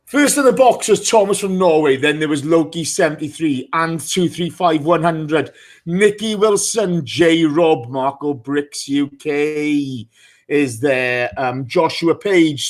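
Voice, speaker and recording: A man's voice: fairly high pitch, expressive, takes it slowly. A man hosting a live podcast in a casual, chatty way, teasing his guests and greeting listeners by name. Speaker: podcast host.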